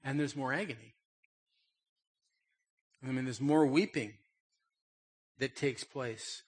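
A pastor with a medium-pitched, breathy-edged voice preaches a sermon and reads scripture slowly, pausing often. He speaks emphatically yet conversationally, frequently checking in with listeners by asking "okay?"

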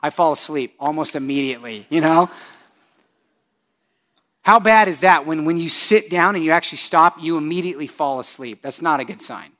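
Animated male pastor preaching. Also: a little high, moderate pace. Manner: animated, shifts from hushed to loud emphasis; asks the congregation direct questions. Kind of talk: sermon.

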